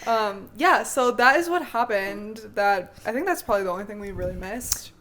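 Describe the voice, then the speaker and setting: A woman's voice: mid-range voice, normal speed, a crowd in the background. A young woman co-hosting a podcast, agreeable and chiming in with short replies in casual chat. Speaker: podcast co-host.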